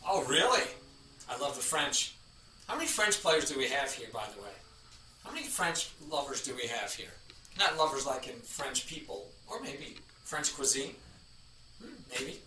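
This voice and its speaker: Bright chatty male chess streamer. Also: mid-range voice, big pitch swings, normal speed, slight background noise. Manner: chatty, rambling, greets chatters by name. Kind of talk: casual live-stream chat. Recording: echoey room, from a distance.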